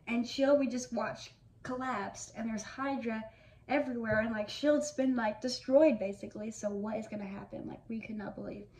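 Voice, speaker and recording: A woman's voice: a little high, normal speed, darkish tone. A woman of about twenty telling fan memories in a casual, gushing way, full of fillers. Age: around 20. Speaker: vlogger. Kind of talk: casual reminiscing monologue. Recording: echoey room, mic at a distance, faint noise.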